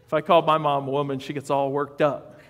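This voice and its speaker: A man's voice: a little high, little pitch movement, a little fast, long reverb tail. A man preaching a sermon as pastor, in a conversational style with asides and questions to the congregation. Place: church sanctuary.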